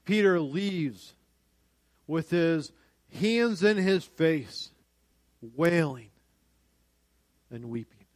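High-voiced Pennsylvania preacher, dry sound. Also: male voice, drawn-out words, pauses often, no room sound. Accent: western Pennsylvania. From northwest Pennsylvania. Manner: animated, acts out quoted voices, rises to loud emphasis then drops low. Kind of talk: sermon.

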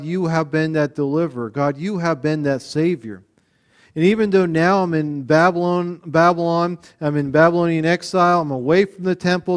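A man with a notably high speaking voice delivers a sermon in an earnest way. He often repeats words as he restarts a phrase. His delivery moves between quiet, low stretches and louder, emphatic ones. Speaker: preacher.

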